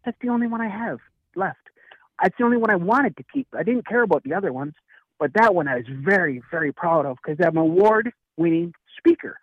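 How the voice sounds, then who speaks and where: A man and author telling a story in casual chat, acting out the lines of the people in it with lively energy. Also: high voice, fairly quick, dry recording, narrow, tinny audio. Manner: animated, acts out dialogue in story. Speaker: guest speaker and author.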